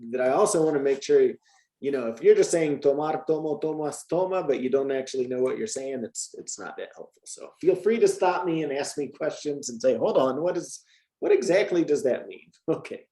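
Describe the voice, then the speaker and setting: A man's voice: a little high, expressive, fairly quick, dark tone, echoey room. A man tutoring Spanish in a casual lesson, talking it through with restarts and frequent "right?" checks. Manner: chatty, thinks aloud with restarts and frequent "right?".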